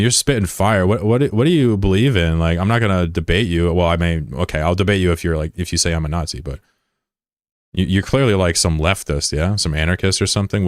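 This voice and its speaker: A man's voice: deep voice, no echo, studio quality. A man streaming a game in loose, joking chat, greeting and teasing viewers in slang. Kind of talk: casual live-stream chat, reading viewer messages.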